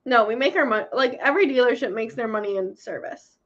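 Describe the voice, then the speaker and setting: A woman co-hosting a live talk show, chatting quickly and casually with lots of "like" fillers. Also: fairly high pitch, fairly bright tone. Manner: quick, chatty, says "like" a lot. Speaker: show co-host. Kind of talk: casual chat. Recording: dull lo-fi stream audio.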